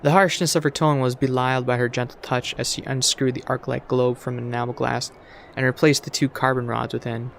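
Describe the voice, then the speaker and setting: Man, let's play narration, gravelly voice, middle pitch, stumbles over words now and then. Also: level tone, fairly quick, a bit bright, slight background noise. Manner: reads aloud with stumbles and asides. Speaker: gamer reading a story game aloud. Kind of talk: let's play reading aloud.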